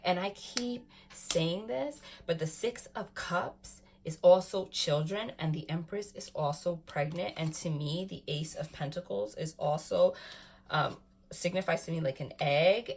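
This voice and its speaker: A woman giving a casual tarot reading to camera, excitable, often saying "freaking" and "like", swinging from calm talk to loud laughing outbursts. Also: on the low side, a little hiss or hum. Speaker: tarot reader.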